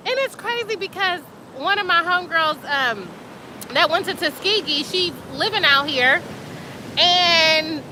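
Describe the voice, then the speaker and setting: A woman hosting a casual live stream outdoors by the sea at night, chatting and reading comments in an excitable, slangy way. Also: high-pitched. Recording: outdoor phone audio with surf and wind noise. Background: waves and wind.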